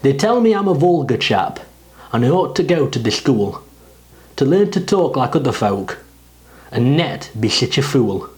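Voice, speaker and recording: A man reading a dialect poem aloud, with expressive rises and falls in his delivery. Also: medium pitch, moderate pace, poor audio. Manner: expressive, rising and falling delivery. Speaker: poetry reader. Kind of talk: dialect poetry recitation.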